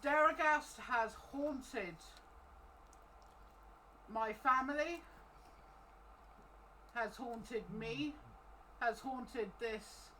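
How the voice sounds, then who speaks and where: A woman voicing an earnest, apologetic cleric who pleads with a temple crowd in a halting, hesitant way. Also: high-pitched, pushed and bright, distant mic, slight background noise, exaggerated voice, poor audio.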